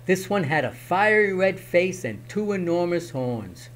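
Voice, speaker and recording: A man reading a picture book aloud in a slow, expressive storytelling manner. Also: high voice. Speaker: reader.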